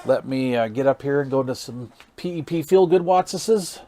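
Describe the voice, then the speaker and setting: A man's voice: mid-range voice, moderate pace, warm tone. Folksy guy testing a radio on camera, keeps saying wow, talks to himself while he reads the meter. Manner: amazed, folksy, thinks aloud while reading meters; counts into the mic during test calls. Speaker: radio hobbyist channel host. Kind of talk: casual hands-on gear demo.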